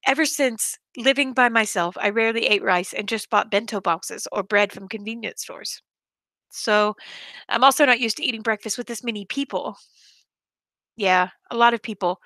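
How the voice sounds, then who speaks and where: A woman's voice: on the high side, moderate pace, bright, forceful tone, no echo, studio quality. A woman streamer chatting casually and reading a visual novel aloud, rambling and correcting herself as she goes. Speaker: let's play streamer.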